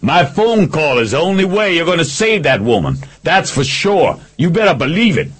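A man voicing a hulking, desperate male gangster who shouts threats in a standoff. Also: medium pitch, big pitch swings, normal speed, slightly rough, pitched above the performer's own voice, full character voice. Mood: shouting.

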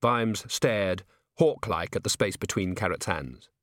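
This male audiobook narrator's voice sits low as he reads in an even, measured way. It's a clean studio recording with no room sound at all.

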